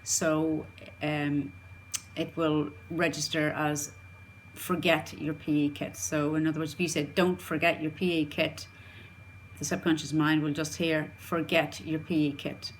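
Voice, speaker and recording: Speaking at a measured pace, a woman with a strikingly low voice coaches on parenting in a steady, earnest lesson. She keeps returning to restate her main points over a faint background hiss.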